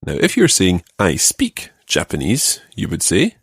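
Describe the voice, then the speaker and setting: A man teaching a podcast language lesson, patiently giving phrases and slowing down to model pronunciation. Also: low-pitched, wildly swooping pitch, vocal fry, slightly rough, dry recording, clean studio sound.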